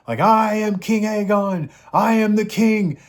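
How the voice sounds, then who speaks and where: A man voicing an arrogant young male king who declaims defiantly, his voice raised high. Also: measured pace.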